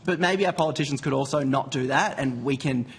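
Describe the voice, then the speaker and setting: A man giving testimony to a parliamentary inquiry, plain-spoken and animated. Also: mid-range voice, a little fast, creaky, slightly rough. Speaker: campaigner giving evidence.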